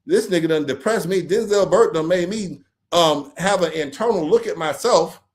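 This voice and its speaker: A man hosting a late-night livestream, talking in a rambling, profane, animated way. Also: high voice, normal speed. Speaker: livestream host.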